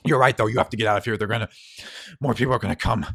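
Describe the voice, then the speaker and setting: A man voicing a gravely wounded older man who speaks haltingly and weakly as he bleeds. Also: fairly low pitch, steady tone, fairly bright tone. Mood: dying. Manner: halting, then pressing. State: bleeding, weak.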